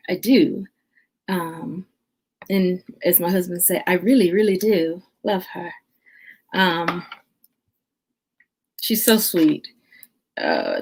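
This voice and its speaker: Slow-talking woman livestreaming. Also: mid-range voice. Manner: chatty, greets viewers by name, many filler pauses. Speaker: livestream host. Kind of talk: casual livestream chat.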